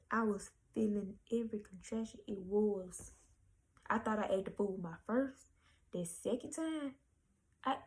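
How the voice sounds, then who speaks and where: A woman's voice: mid-range voice, rough recording. A young woman, telling a candid, chatty storytime vlog with fillers and restarts. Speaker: vlogger. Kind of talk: casual storytime.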